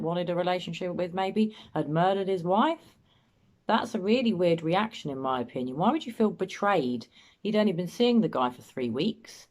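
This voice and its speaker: A woman hosting a show, giving doubtful, musing commentary on an interview and often circling back to her points. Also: lowish voice. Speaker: host, body language commentator. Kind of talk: analytical commentary.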